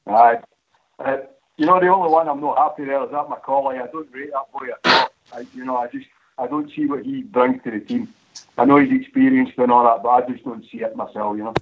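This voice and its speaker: A man's voice: medium pitch, steady tone, brisk, noisy background. Blunt man calling in. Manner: blunt, plain-spoken, swears casually. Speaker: caller. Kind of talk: casual phone-in chat. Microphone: phone line. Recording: muffled phone-in audio.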